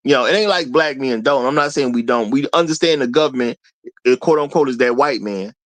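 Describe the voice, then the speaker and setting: A man hosting a talk show in a mid-pitched voice, leaning hard on his points and speaking to the audience as y'all. The sound is dry and close, with no room around it. He breaks into short laughs as he builds his case. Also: fairly quick, no room sound. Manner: emphatic, addresses viewers as y'all, laughs between points. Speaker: host. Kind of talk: casual commentary.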